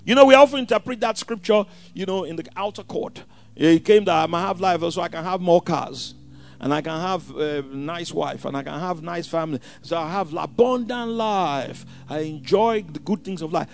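A man preaching a sermon, swinging from hushed asides to shouted scripture quotes. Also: fairly high pitch, moderate pace, vocal fry, soft background music.

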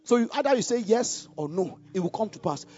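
A man preaching a sermon, swinging from low musing asides to loud, fervent exhortation, and laughing often. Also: animated, brisk, breathy edge, dull audio.

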